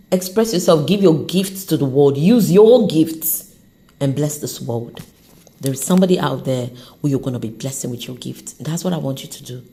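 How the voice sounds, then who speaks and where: Off the cuff and upbeat, this podcast host delivers unscripted motivation in a low voice, her delivery animated and encouraging; by her own account, her accent changes as she goes.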